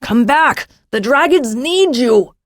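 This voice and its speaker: A woman voicing a brash, brave young man who shouts to rally others. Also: high-pitched, expressive, slow pace, no echo, clean studio sound, voice pushed up. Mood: shouting.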